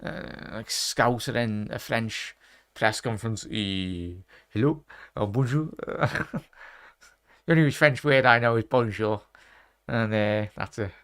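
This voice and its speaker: A man's voice: medium pitch, unhurried, fairly bright tone, smooth. A man hosting a casual live-stream quiz, chatty and rambling, often stopping to correct himself. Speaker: quiz host.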